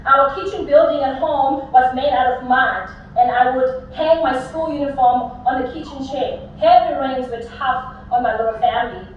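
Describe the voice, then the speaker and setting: Young woman, high voice, humorous commencement storyteller; distant, muffled hall recording. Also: moderate pace, few pauses, slight background noise. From South Africa. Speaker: commencement speaker. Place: large graduation venue. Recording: echoey hall, distant mic, dull sound.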